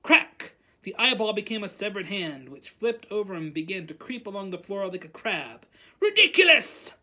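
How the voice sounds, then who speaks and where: The librarian's mid-range voice moves briskly as she reads a novel aloud at storytime. She's lively about it, calling out what each character says.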